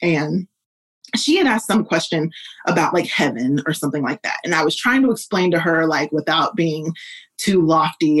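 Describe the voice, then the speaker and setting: Earnest woman with a husky voice. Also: moderate pace, rough recording. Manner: earnest, lively, shifts pitch up when quoting others. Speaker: guest, educator. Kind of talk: podcast interview answer.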